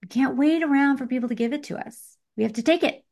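A woman coaching participants on a group call, direct and encouraging, with animated emphasis. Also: high voice, fast, gravelly. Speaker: business coach.

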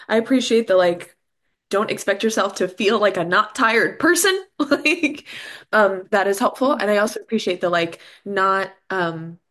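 A woman's voice: mid-range voice, a bit bright. A woman guest in a casual chat. She talks with lots of likes and ums and laughs often.

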